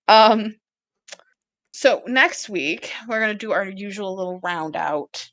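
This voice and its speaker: Bright-voiced woman podcast co-host, slow and chatty. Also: medium pitch, no echo. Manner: chatty, laughs often, plans the schedule aloud. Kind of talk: casual chat.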